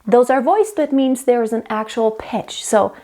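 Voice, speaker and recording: Woman singing teacher, slightly high voice. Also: normal speed, dark tone. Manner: explanatory, demonstrates sounds mid-sentence. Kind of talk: vocal technique lesson.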